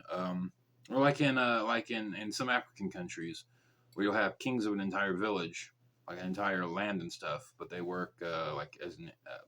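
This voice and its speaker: A man's voice: low voice, a bit bright. A man hosting a true crime podcast, reading the case aloud and breaking off into casual, joking side comments. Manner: reads facts briskly, then drops into mumbled, joking side comments.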